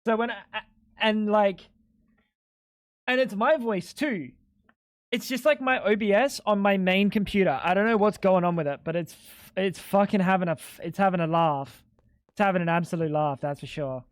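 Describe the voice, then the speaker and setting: A man's voice: high-pitched, normal speed. Guy streaming a game, rambly and hyped, swears a lot while he chats with viewers. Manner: excitable, swearing, rambling talk to chat. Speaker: livestreamer. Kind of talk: casual gaming stream chatter.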